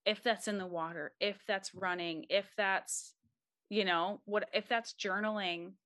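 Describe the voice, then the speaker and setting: A woman's voice: medium pitch, fairly even intonation, measured pace, fairly bright tone, dry recording, clean studio sound. A young woman, a mom, giving earnest and encouraging faith-based advice as a podcast guest. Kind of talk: casual interview talk.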